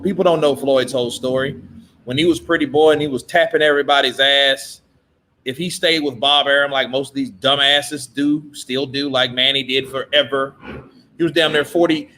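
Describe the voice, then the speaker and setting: A man's voice: a little high, a bit bright, a little hiss or hum. A man hosting a casual boxing chat, swearing freely and talking loosely with his viewers. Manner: profane, laughing, mimics boxers' voices. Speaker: boxing commentary host. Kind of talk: casual live-stream chat.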